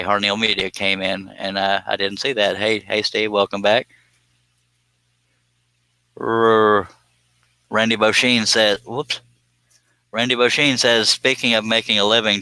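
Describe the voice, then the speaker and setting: A man with a low, very sharp and tense voice chats casually on his live stream, reading viewer comments and cracking jokes. His tone is smooth and clean, recorded close and dry with no room sound. He teases his viewers and laughs easily. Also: dry recording. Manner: joking, teasing, laughs often. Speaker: woodworking live stream host.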